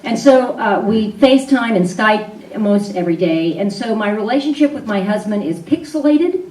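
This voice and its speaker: Animated and a little mellow, her mid-range voice moves at a moderate pace. On stage at an arts venue, this storyteller and event host tells a personal story live, candid and chatty with plenty of fillers, picked up with roomy hall acoustics from a distance.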